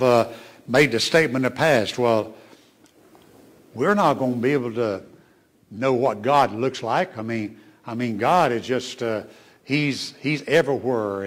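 A man preaching a sermon as a pastor, who swings between emphatic rises and hushed asides and asks his congregation questions. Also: medium pitch. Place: church sanctuary.

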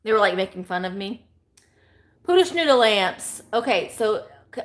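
A woman's voice: mid-range voice, very animated, normal speed, pauses often. A middle-aged woman, hosting a casual live-stream sale, rambling as she reads out viewer comments and calls bids.

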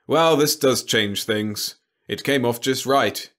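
A man voicing a nervous young male soldier who speaks in a jittery, tense way, pitched well above his own voice. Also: takes it slowly, a bit bright.

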